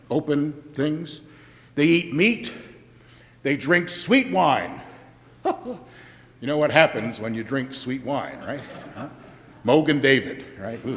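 A man's voice: medium pitch, a little hiss or hum. A man preaching a sermon in a church, conversational and joking, often checking in with the congregation. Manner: conversational, keeps asking the congregation "right?", joking asides. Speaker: pastor. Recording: long hall reverb.

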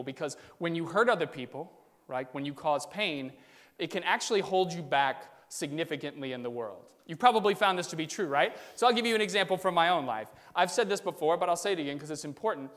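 Male preacher, relaxed conversational delivery, lighter pitch, long sanctuary echo. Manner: conversational, addresses the congregation directly. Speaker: pastor. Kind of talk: sermon. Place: church sanctuary. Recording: long church hall reverb.

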